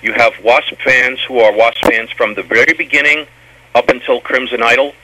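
A man's voice: medium pitch, fairly even intonation, moderate pace, pushed and bright, rough recording. A man being interviewed about his old band, telling long stories in a rambling way and often stumbling and repeating words. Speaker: former band member guest. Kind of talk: storytelling interview.

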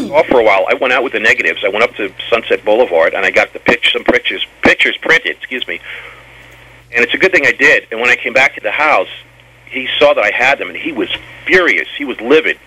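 A former band member tells long, rambling stories about his old band in an interview, often stumbling and repeating words. His medium-pitched voice is very animated, brisk and sharp with a breathy edge, and the recording is rough.

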